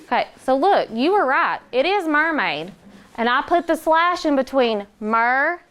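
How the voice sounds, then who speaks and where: A woman teaching a classroom phonics lesson, patient and encouraging, slowing down to model words for the children. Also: sits high, sing-song, fairly bright tone.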